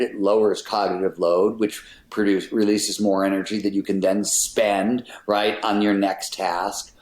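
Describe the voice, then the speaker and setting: A man's voice: lowish voice, fairly even intonation, unhurried, few pauses. A middle-aged man, a podcast guest, explaining his ideas in an emphatic, casual way, with an occasional swear word. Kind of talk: casual interview talk. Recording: roomy echoey sound.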